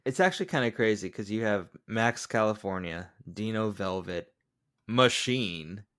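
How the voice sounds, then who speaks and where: A man's voice: on the low side, lively intonation, moderate pace, a bit bright. A young man co-hosting a casual film review podcast, joking and laughing often. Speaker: podcast co-host.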